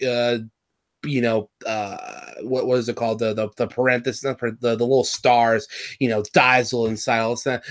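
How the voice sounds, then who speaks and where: A man from California with a Californian accent, co-hosting a casual review chat, rambling and excitable with lots of fillers and restarts. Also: mid-range voice, normal speed. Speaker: podcast co-host reviewing a cartoon episode.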